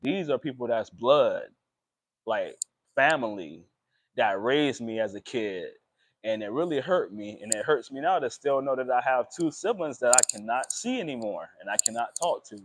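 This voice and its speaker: A young man, talking emotionally and haltingly in a personal vlog, with many pauses and fillers. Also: mid-range voice, lively intonation, a little hiss or hum. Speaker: vlogger.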